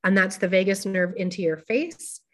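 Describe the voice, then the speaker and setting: A woman's voice: mid-range voice, moderate pace, a bit bright. A woman presenting a workshop, explaining things in an informal, careful way with frequent fillers.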